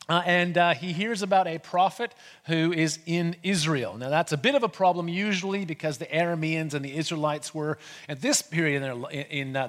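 A man preaching a sermon in a conversational way, retelling with lively asides. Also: a little high. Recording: long hall reverb.

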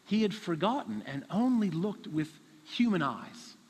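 A man's voice: high voice, animated, measured pace, a little mellow, husky, in a large hall. A man preaching a sermon, telling a story animatedly and acting out the characters.

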